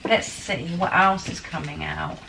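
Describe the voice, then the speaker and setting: A woman giving a spiritual tarot guidance reading, excitable and enthusiastic as she talks straight to her viewers. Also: deep voice, unhurried, creaky. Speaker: tarot card reader. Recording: distant mic with faint background noise.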